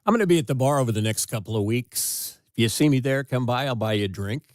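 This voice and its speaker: American male co-host, mid-pitched, dry studio sound, quick joking asides. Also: animated, dry recording. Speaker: radio co-host. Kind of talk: casual studio banter.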